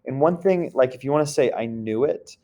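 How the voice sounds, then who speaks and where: A man's voice: medium pitch, a little fast, warm tone. Man teaching a French lesson. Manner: explains step by step with a repeated check-in question. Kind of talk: recorded classroom grammar lesson.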